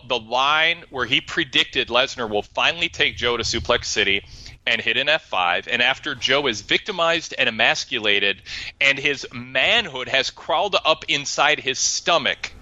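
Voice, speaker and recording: A man's voice: medium pitch, sharp tone, lo-fi sound. A man co-hosting a wrestling talk show, speaking casually and animatedly, quoting lines with relish.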